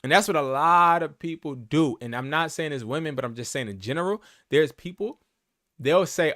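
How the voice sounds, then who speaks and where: Animated slangy man, dry close sound. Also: a little high, a little fast, dry recording. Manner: animated, slangy, repeats words for emphasis. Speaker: reselling business coach. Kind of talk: casual vlog monologue.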